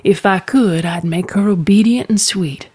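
A woman's voice: medium pitch, moderate pace, a little mellow, breathy edge, no echo, natural voice. A woman voicing an anxious witch mother who speaks tartly and dryly. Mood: dry, tender. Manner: tart, dry remarks.

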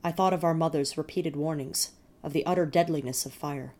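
A woman reading first-person fiction in a measured, steady storytelling manner. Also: deep voice. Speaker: narrator.

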